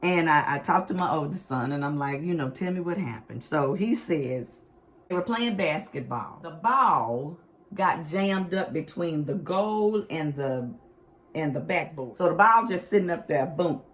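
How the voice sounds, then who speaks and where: A middle-aged woman, telling a family story in a casual, animated, expressive vlog. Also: low-pitched, unhurried. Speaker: vlog host.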